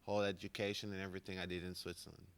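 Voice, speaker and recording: A man's voice: low voice, level tone, rapid-fire, gravelly, clean tone. Easygoing man with an American accent. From Seychelles. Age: 40s. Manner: easygoing, laughs often, talks in short pieces. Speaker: basketball coach, guest. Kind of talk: casual chat interview.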